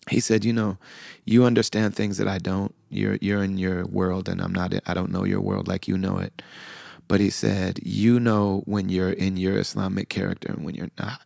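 A middle-aged man hosting a podcast, softly telling a heartfelt personal story with quoted dialogue. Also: deep voice, little pitch movement, a little slow, gravelly, no echo, studio quality. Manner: soft-spoken, heartfelt, with frequent fillers and quoted dialogue. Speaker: podcast host.

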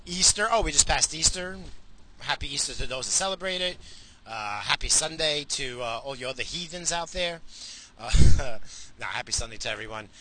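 A middle-aged man from the United States ranting casually and profanely to his viewers while driving, animated, cursing and mocking himself. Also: mid-range voice, moderate pace, slight background noise, poor audio. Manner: animated, swearing, self-mocking. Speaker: vlogger.

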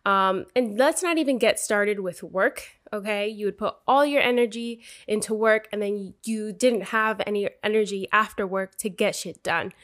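A woman's voice: mid-range voice, moderate pace, hardly any pauses, fairly bright tone. A young adult woman hosting a podcast, giving a candid, profane, sisterly motivational talk. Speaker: podcast host.

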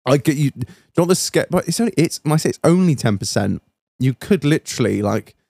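A man's voice: on the high side, expressive, a little fast, gravelly, warm tone, husky, dry recording, clean studio sound. A man co-hosting a podcast in casual chat, swearing freely and laughing often. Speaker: podcast co-host.

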